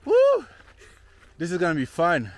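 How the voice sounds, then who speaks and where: A man's voice: mid-range voice, moderate pace. Man hiking vlogger, out of breath, casual and jokey with his viewers, recorded outdoors on a handheld camera. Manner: chatty and joking, addresses viewers as y'all. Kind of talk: casual vlog talk to camera. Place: outdoors on a mountain trail.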